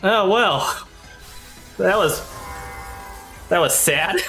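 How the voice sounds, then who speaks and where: A male streamer plays through a game and reads the characters' dialogue aloud in a theatrical, hammy way, his pitch swinging all over. Faint game music plays behind him, and he keeps cracking himself up as he reads. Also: lively intonation, very slow, bright, forceful tone. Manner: laughing, theatrical, hammy reading of game lines. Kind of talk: let's play commentary, reading game dialogue aloud.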